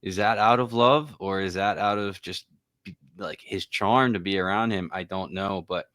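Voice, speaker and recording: A man's voice: deep voice, moderate pace, fairly bright tone, no echo, clean studio sound. A man co-hosting a podcast, thoughtfully recapping scenes and quoting dialogue in a casual way. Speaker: podcast co-host.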